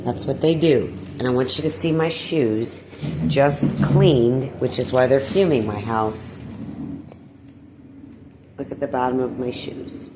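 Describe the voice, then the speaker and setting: A woman talking in a personal vlog monologue, weary and distressed, sighing and clearing her throat. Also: a bass voice, measured pace, noisy background. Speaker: video blogger.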